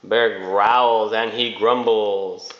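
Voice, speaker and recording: A father reading a bedtime storybook aloud to his children in a gentle, sing-song way, adding sound effects. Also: fairly low pitch, steady tone, very slow. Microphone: phone. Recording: echoey room, dull phone recording.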